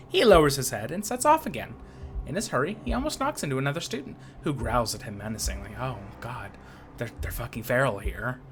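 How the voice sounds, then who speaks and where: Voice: medium pitch, big pitch swings, a little fast, soft background music. A game streamer reading a story game aloud with playful, self-mocking commentary and frequent laughter.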